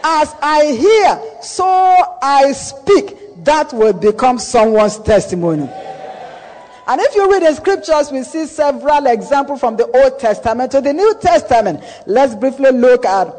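A man's voice: very high voice, lively intonation, normal speed, mellow, rough recording. A man preaching a sermon, emphatic and repeating key phrases for effect.

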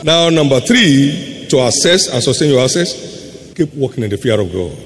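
A man's voice: medium pitch, lively intonation. Male preacher in an echoing hall. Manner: emphatic preaching, swings between quick asides and slow stressed words. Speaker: pastor. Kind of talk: sermon. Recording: faint hum in a long-reverb hall.

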